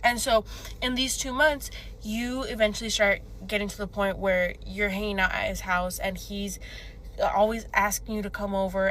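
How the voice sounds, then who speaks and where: A woman's voice: medium pitch, a bit bright. A woman tells a put-a-finger-down story in a chatty, conversational way. Her voice sits in a middle register. Faint background noise is audible under her.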